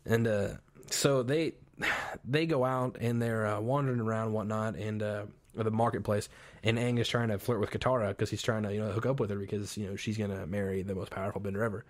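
A man's voice: fairly low pitch, steady tone, a little fast. A young man co-hosting a podcast, chatting casually and laughing often as he recaps cartoon scenes and acts out lines. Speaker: podcast co-host. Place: studio.

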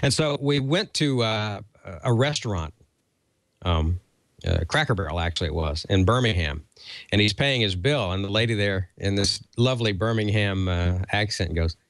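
A man's voice: fairly low pitch, expressive, normal speed, a bit bright, no room sound. A man in his fifties co-hosting a ham radio show, telling stories in a folksy, chuckling way. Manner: folksy storytelling, chuckles often. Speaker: co-host.

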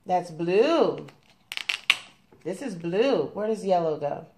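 A woman's voice: fairly low pitch, animated, takes it slowly, background noise. A young woman at home teaching her toddler colors and letters, patient and coaxing, with plenty of praise. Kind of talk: gentle toddler lesson at home.

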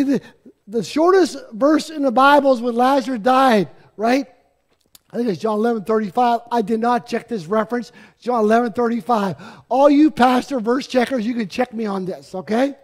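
High-voiced man in his fifties preaching. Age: 50s. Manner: earnest, pleading, with joking asides to the congregation. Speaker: pastor. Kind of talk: sermon. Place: church sanctuary.

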